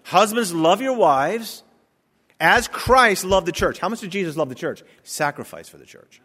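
A man preaching a sermon as pastor, emphatic, building to loud stressed peaks. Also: high-pitched, lively intonation, moderate pace. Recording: long hall reverb.

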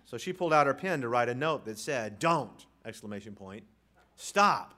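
A man preaching a sermon in a church, reading scripture slowly and swinging between loud declarations and hushed, low lines. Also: animated. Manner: reads scripture aloud with deliberate slow pauses. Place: church sanctuary.

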